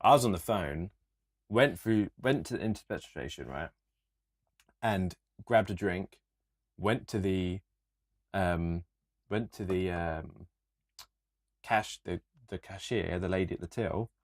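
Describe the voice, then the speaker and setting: Young man, podcast co-host, animated sweary storytelling, low pitch. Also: measured pace, long pauses. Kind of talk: casual chat.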